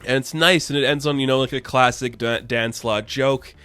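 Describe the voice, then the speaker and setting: A man's voice: mid-range voice, steady tone, normal speed, pushed and bright, clean tone, no echo, faint music behind. A young man casually recapping and reviewing a comic book issue, chatty and full of fillers. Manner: chatty, lots of fillers and quoted voices.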